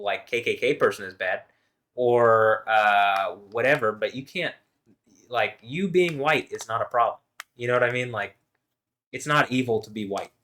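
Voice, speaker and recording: Rambling, profane man vlogging alone. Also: mid-range voice. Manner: rambling, profane, swings between mumbling and loud laughing. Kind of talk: rambling monologue.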